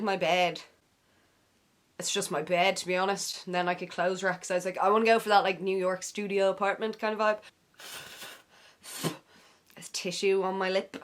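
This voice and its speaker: A woman's voice: mid-range voice, a bit bright, a little hiss or hum. A young woman with an Irish accent chatting casually through a get-ready-with-me vlog in her bedroom, playful and slangy, tossing in silly made-up words. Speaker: beauty vlogger.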